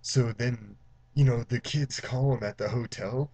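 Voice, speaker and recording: A man's voice: mid-range voice, warm tone, breathy edge. A man giving a casual, profane, rambling movie recap, full of "like" and restarts, briefly mimicking characters' lines. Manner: acts out characters' lines in quick mock voices. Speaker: movie reviewer. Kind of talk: casual spoiler-filled recap.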